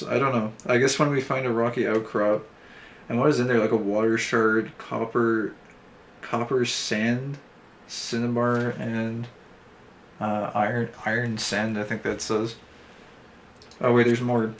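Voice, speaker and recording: A man's voice: medium pitch, little pitch movement, unhurried, slight background noise. A young man streaming an online game, thinking aloud in a dry, sarcastic way and reading quest text as he plays. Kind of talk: casual let's-play commentary, reading game text aloud. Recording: faint game music underneath.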